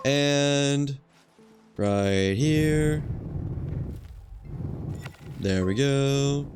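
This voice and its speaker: A man streaming a video game, casually talking himself through what he is doing on screen, muttering and thinking aloud. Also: mid-range voice. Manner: relaxed, muttering to himself while playing. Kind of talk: casual gameplay commentary.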